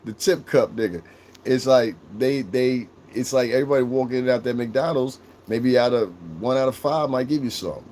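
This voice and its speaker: A man's voice: mid-range voice, darkish tone, slight background noise. A young man from Connecticut with a mixed New England and New York shoreline accent, chatting loosely on a livestream, swearing, laughing and answering chat. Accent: Connecticut shoreline, New England and New York mix. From Connecticut, USA. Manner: rambling, profane, laughs often, reads and answers chat. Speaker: livestream host.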